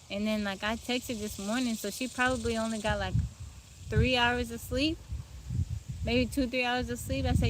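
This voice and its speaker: Woman, relaxed, sleepy, outdoor livestream, phone mic, insect noise. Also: on the high side, moderate pace. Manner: relaxed, greets viewers by name. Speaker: livestream host. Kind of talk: casual live stream chat. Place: outdoors among trees. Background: insects and outdoor ambience.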